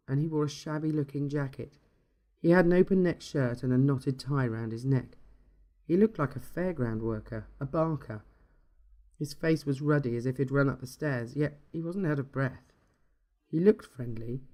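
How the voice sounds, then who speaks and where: A man reading a dark short story aloud in a steady, measured storytelling manner. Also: mid-range voice. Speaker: narrator.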